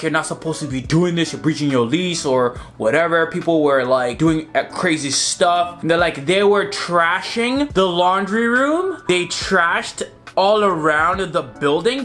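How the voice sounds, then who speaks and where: A young man telling a story in a casual vlog, animated and exasperated, swearing freely. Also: high voice. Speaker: photographer and vlogger.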